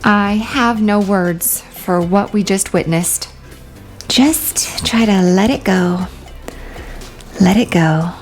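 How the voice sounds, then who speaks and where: A woman voicing two cheerful young sisters who run a pet rescue in a doll-play story, bright and politely chirpy. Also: medium pitch, slow pace, faint music behind, pitched below the performer's own voice, lightly acted.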